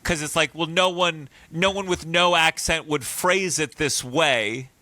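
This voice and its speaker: A man's voice: on the high side, a little slow, pushed and bright, no room sound. A man hosting a podcast, telling a rambling anecdote in casual chat. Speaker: podcast host.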